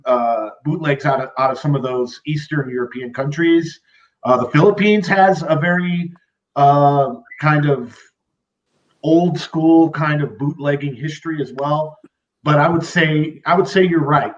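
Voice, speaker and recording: A man's voice: on the high side, far from the mic, lo-fi sound. A man co-hosting a podcast, chatting casually and giving long rambling answers full of fillers. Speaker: podcast co-host. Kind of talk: casual chat.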